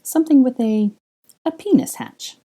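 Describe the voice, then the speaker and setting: A woman's voice: medium pitch, very animated, moderate pace, dark tone, voice pushed up. A woman doing a cheeky young witch. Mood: playful. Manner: playful, breathy drawl.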